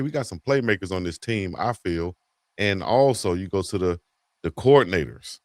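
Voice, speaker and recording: A man's voice: deep voice, expressive, normal speed, no echo, studio quality. A man co-hosting a casual sports talk show, laid-back and fond of repeating a catchphrase. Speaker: co-host.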